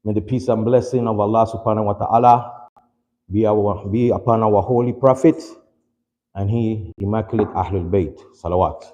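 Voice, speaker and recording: A man's voice: fairly low pitch, steady tone, warm tone, lo-fi sound. Man preaching with rising passion, hall reverb. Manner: slow, rising, impassioned storytelling; opens with rapid recited Arabic formula. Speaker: speaker at a mourning gathering. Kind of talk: sermon. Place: mosque hall.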